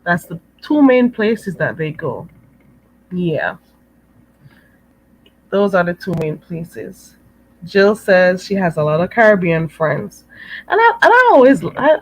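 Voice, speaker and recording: A woman's voice: fairly low pitch, slight background noise, poor audio. Chatty Jamaican woman live-streaming. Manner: chatty and animated, laughs often, calls viewers girl. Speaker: livestream host. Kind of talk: live-stream chat reading comments.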